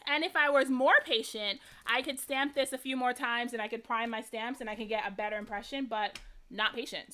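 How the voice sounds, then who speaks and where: A woman's voice: high-pitched, sharp tone. A young American woman hosting a live crafting stream, chatting casually and laughing at herself while she works. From United States. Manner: chatty, self-deprecating, laughs often, greets viewers by name. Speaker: crafting livestream host.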